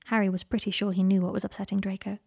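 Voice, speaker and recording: Soft-spoken woman reading a story. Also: medium pitch, little pitch movement, very fast, creaky, breathy edge, dry recording, studio quality. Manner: soft-spoken, slips into whispers. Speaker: reader. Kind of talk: reading fan fiction aloud.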